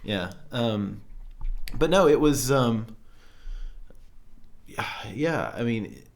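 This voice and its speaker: A man co-hosting a podcast in casual chat, rambling and hesitant with many fillers, playful and quick to laugh. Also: medium pitch, lively intonation, gravelly. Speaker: podcast co-host.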